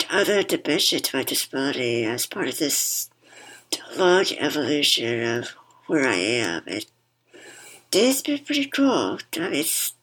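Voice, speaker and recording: Very low, husky woman speaking through a mask. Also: a bit bright, rough recording. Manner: thoughtful, sometimes repeats words. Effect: speaks through a worn mask. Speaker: podcast guest. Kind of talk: reflective conversation.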